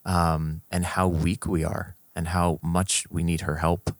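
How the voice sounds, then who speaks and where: A man with a low, deep voice speaks slowly and thoughtfully in a casual faith conversation. The sound is close and dry, with no room echo. He pauses and restarts as he searches for the right words. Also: flat delivery. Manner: reflective, unhurried, searching for words.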